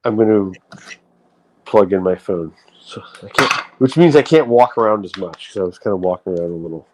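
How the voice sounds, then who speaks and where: Man, stream host, lowish voice, profane rambling chat. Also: fairly quick, slight background noise, low-quality recording. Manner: profane, rambling, with frequent restarts. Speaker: livestream host. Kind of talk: casual livestream rant.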